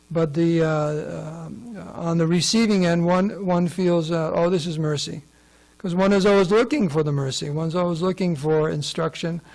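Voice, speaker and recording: Speaking in a voice on the high side with a little mellowness, a man gives a conversational scripture class and often questions those listening. The audio is rough.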